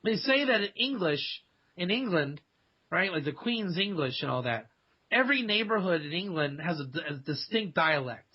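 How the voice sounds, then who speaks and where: High-voiced husky man, radio guest. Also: normal speed. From Dayton, Ohio, USA. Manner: animated storytelling with quoted voices and laughs. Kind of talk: casual radio interview. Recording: dull lo-fi radio sound.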